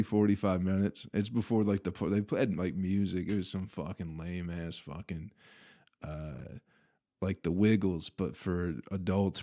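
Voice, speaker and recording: Low-voiced man telling a profane story. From Flint, Michigan. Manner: profane, laughing, animated retelling. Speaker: podcast host. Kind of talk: casual storytelling monologue.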